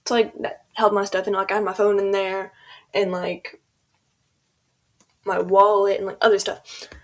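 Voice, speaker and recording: A woman's voice: mid-range voice, level tone, normal speed. A teenage girl rambling casually through a storytime over gameplay, full of "like" and "um", quoting people as she goes. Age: teens. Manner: rambling, filler-heavy, quotes people in voices. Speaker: gaming video creator.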